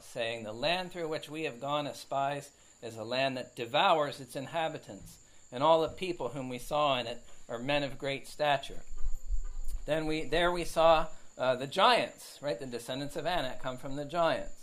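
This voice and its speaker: A man with a slightly high voice teaches scripture in a conversational, unhurried way. He reads each verse, then explains it, scattering hesitations and tag questions through his talk. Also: fairly bright tone, low-quality recording. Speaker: Bible teacher. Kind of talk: conversational Bible study teaching.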